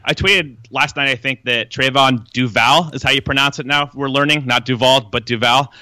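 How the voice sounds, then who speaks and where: A man who is a guest draft analyst on a podcast, talking casually and in fast detail about players. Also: medium pitch, steady tone, pushed and bright, no echo. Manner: fast, detailed scouting talk. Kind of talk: casual basketball draft chat.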